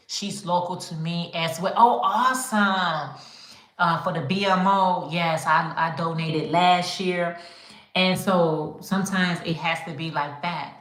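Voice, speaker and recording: Chatty low-voiced woman in an echoey room. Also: fairly bright tone. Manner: chatty, addresses viewers as y'all. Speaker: livestream host. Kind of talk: casual live chat.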